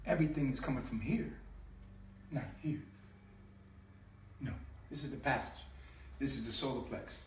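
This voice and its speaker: A man's voice: medium pitch, normal speed, long pauses, a little hiss or hum. A man giving an impassioned spiritual teaching in slangy street talk, emphatic, repeating and stretching sounds to make his point. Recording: echoey room, mic at a distance.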